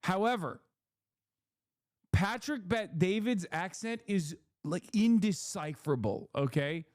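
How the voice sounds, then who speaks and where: A man's voice: high voice, lively intonation, slow pace, a little mellow, no room sound, studio quality. A man streaming live, reacting to clips with profane, laughing asides. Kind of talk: live commentary.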